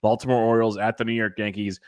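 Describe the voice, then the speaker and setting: A man with a fairly low voice hosts a casual sports podcast. He rambles with energy and jokes a lot. The recording is dry, with no room sound. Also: level tone, fast talker, a little mellow, dry recording. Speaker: podcast host.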